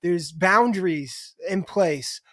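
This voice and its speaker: A man's voice: high voice, takes it slowly, a bit bright, no echo, studio quality. A middle-aged man talking candidly as a podcast guest, restarting his sentences and swearing casually. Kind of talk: casual conversation.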